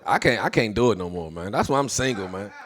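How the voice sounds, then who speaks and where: A man's voice: fairly low pitch, expressive, fast talker, a bit bright. A man in his thirties doing a stand-up comedy set, brash and swearing, acting out the people in his stories.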